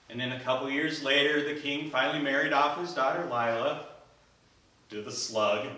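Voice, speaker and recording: A man giving a told story speech at a speaking club, animated, acting out characters, recorded in an echoey room from far off. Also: mid-range voice. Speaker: Toastmasters speaker.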